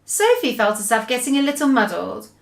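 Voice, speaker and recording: Teacher lady reading a storybook aloud, a bit high, roomy sound. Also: a little fast, creaky. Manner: expressive storybook narration.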